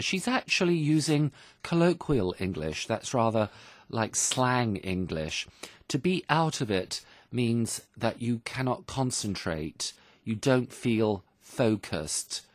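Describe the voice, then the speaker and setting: A man's voice: lowish voice, no room sound. A man presenting a radio English lesson, explaining phrases in a patient, teacherly way.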